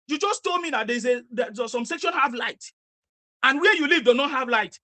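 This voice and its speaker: A woman, interviewing people in the street and lecturing them forcefully with a lot of repetition. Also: sits high, expressive, normal speed.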